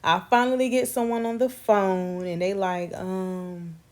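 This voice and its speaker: A young woman from North Carolina, telling a casual storytime vlog with animated swearing and calling her viewers y'all. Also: mid-range voice, measured pace. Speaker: vlogger.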